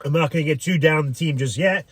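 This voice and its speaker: Man, fan reaction vlog, rambling, swears, lots of ums, fairly high voice, dry close sound. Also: fast talker, slightly rough, no room sound. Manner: rambling, frequent "um", swears freely. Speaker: sports fan commentator.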